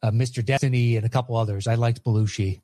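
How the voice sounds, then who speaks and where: A man's voice: medium pitch, steady tone, fast talker, warm tone, no echo. Man casually recapping movies, dry sound. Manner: rambling, recaps plots with filler words. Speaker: podcast co-host.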